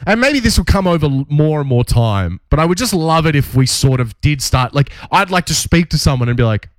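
A man with an Australian accent, from Tasmania, co-hosting a casual podcast chat and breaking into loud put-on accents. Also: a little high, big pitch swings, brisk, dry recording. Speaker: podcast co-host.

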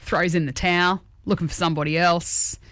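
A woman co-hosting a breakfast radio show, chatty and teasing, quick to laugh, on a studio mic. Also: on the low side, steady tone, fairly bright tone, no echo. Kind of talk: casual radio banter.

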